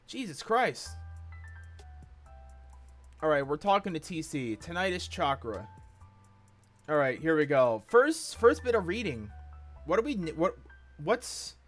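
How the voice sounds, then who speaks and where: An excitable male streamer reads a webcomic aloud and comments as he goes, swearing freely and bursting out now and then. His voice sits a bit high and leaps wildly in pitch, and faint music plays behind him. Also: moderate pace. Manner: animated, swears a lot, excitable outbursts.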